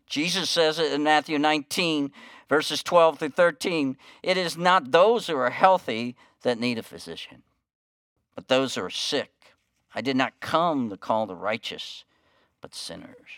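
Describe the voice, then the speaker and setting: Guy preaching, tells a story, goes quiet for quotes then builds up, smooth clear voice, dry sound. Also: medium pitch, lively intonation, measured pace, no echo. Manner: storytelling with quiet, hushed quoted lines and rising emphasis. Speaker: pastor. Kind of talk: sermon.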